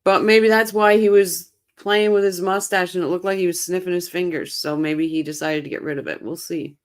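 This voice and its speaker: Fairly low in pitch, with fairly even intonation and a slightly fast delivery, this woman hosts a true crime channel's casual live stream. Low on sleep, she responds to chat comments in a chatty, opinionated style, rambling and restarting often.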